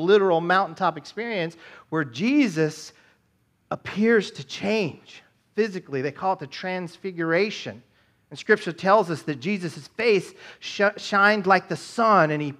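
A man with a fairly high, bright and forceful voice preaching a sermon in a church. He talks in a conversational way, tossing "right?" at the congregation and asking them rhetorical questions. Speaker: pastor.

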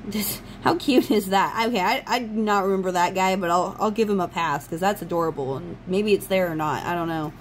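A woman's voice: on the low side, brisk, hardly any pauses, a little hiss or hum, low-quality recording. A woman hosting her channel, chatting casually and enthusiastically while unboxing a card deck. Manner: gushing, enthusiastic fan talk. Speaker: channel host.

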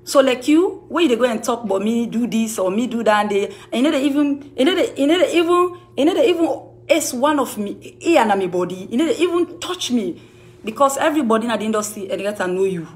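A woman's voice: a little high, animated, fast. Heated Sierra Leonean Krio-accented woman. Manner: accusing, repetitive, emphatic. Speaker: music manager. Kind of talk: heated rebuttal to camera.

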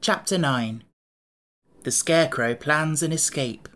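A man narrating a classic children's fantasy audiobook in a steady, measured storytelling manner. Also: on the high side. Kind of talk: scripted narration.

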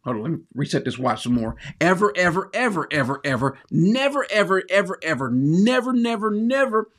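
A man's voice: sits high, big pitch swings, fairly quick, fairly bright tone, pitched above the performer's own voice, heavily acted. A man mocking an opponent in a childish, taunting singsong, chanting the same word over and over. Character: mocking sing-song man, stubborn and childish.

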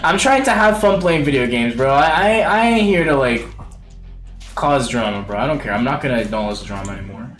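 A young man streaming a video game live, chatting excitably to viewers in slang and calling everyone bro. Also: mid-range voice, brisk, faint music behind. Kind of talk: live gameplay commentary.

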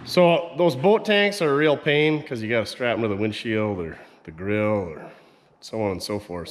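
A man hosting a repair vlog, bantering casually and joking in slang while he works on an old car. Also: lowish voice. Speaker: mechanic vlog host. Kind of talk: casual running commentary while working. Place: shop working on an old car.

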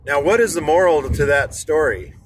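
A man with a slightly high, expressive voice speaks at a moderate pace. He's an inspirational speaker stuck in rush hour traffic, telling a motivational story from his car in a rambling way, full of fillers and restarts.

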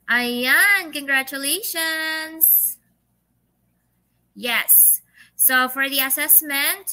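A woman's voice: high voice, sharp tone, poor audio. A Filipino woman teacher leading an online English lesson, reading quiz questions patiently and drawing her words out, with Tagalog fillers. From Philippines.

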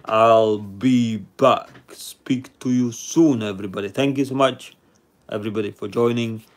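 A man's voice: mid-range voice, fairly even intonation, unhurried. A man hosting a live stream number game, chatting with viewers and reading out their names and rankings. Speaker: livestream host.

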